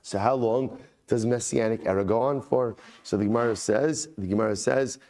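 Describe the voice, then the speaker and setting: A rabbi with a lowish voice teaches a daily Talmud class at a moderate pace. He first chants the original passage and then unpacks it conversationally, repeating phrases and emphasizing points with excitement.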